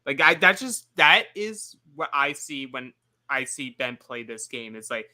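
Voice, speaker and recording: A man's voice: mid-range voice, sing-song, a little slow, bright, forceful tone. A man co-hosting a casual recap show, rambling with lots of filler words. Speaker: after-show co-host.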